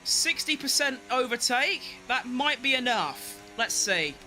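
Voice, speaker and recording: A man giving excitable, self-mocking live commentary while playing a racing game, talking to himself as he drives. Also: very high-pitched, a little slow, a little hiss or hum. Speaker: gaming streamer.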